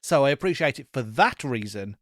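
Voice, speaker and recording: A man's voice: mid-range voice, expressive, brisk, fairly bright tone, no room sound, studio quality. A man co-hosting a podcast, reviewing an album in a casual, blunt and joking way, swearing now and then. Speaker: podcast co-host.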